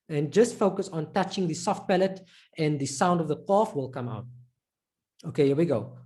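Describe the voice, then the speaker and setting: A woman's voice: sits low, expressive, normal speed, dark tone. A woman teaching an Arabic pronunciation lesson, patiently explaining and repeating each sound many times as she demonstrates it.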